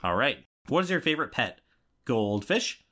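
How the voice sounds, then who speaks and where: A man's voice: medium pitch, big pitch swings, normal speed, fairly bright tone. A man co-hosting a podcast in casual chat, reading out quiz questions and laughing often. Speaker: podcast co-host.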